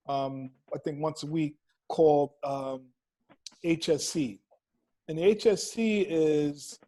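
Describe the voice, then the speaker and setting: A man speaking on a panel over a video call, measured, often checking in with "right?". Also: a little high, mellow, low-quality recording. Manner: measured, asks listeners to agree with "right?". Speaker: panelist from a nonprofit.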